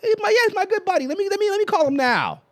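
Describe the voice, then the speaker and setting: A man putting on a high, exaggerated mocking voice as a smug man who insists he has a black golf buddy. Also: big pitch swings, racing, dry recording.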